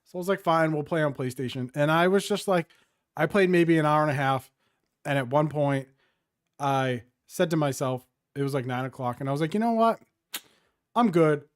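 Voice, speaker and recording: A man's voice: on the high side, fairly quick. A man co-hosting a gaming podcast, telling a long rambling story in casual chat. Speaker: podcast co-host.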